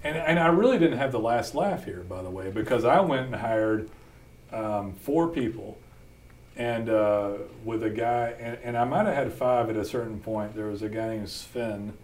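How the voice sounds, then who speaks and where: A man's voice: medium pitch, normal speed, a little mellow. A man, hosting a podcast and telling stories about founding his company in a blunt, folksy way, laughing often. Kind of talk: casual storytelling chat.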